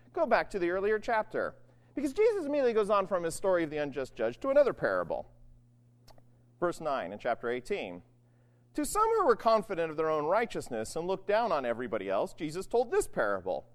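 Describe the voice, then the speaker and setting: A man delivering a sermon, reading scripture and then talking it through in a conversational way with frequent asides. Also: sits high. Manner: conversational, animated, frequent asides like "right?" and "you know". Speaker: preacher. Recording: long reverb of a large hall.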